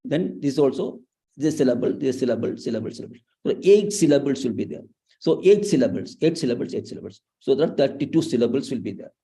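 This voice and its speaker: A man teaching a chanting class, slowly and patiently repeating syllables for his students. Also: medium pitch, animated, warm tone.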